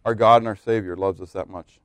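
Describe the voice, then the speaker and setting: A man preaching a sermon as pastor, swinging between loud exclamations and quiet asides. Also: on the low side, steady tone, a little fast, no echo.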